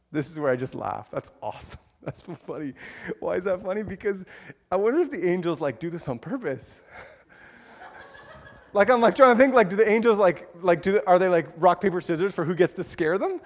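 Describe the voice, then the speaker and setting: Pastor guy preaching, high-ish voice, jokey and animated, lots of laughing, big echoey church hall. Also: a little fast. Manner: playful, animated storytelling with laughs. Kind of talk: sermon. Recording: long hall reverb.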